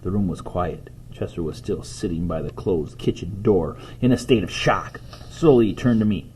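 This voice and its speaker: A man reading a children's storybook aloud, playful and animated, in a husky voice. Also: low voice, normal speed, slight background noise. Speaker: reader.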